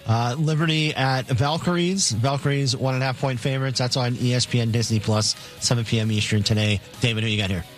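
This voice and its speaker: A man's voice: medium pitch, brisk, hardly any pauses, soft background music. A man co-hosting a sports radio show, reading betting lines in a matter-of-fact way with fillers.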